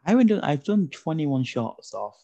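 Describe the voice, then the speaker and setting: A podcast host with a lisp chats casually and jokes around, often tripping over his words. His voice sits on the high side, very animated, at a normal speed, creaky and dark in tone. The audio is dull lo-fi podcast sound.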